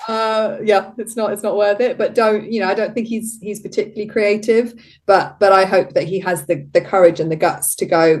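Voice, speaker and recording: A woman's voice: mid-range voice, steady tone, a little fast. A middle-aged woman, a guest on a podcast, talking reflectively and casually, laughing often. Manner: reflective, laughs often, quotes herself in little voices. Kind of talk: casual interview chat.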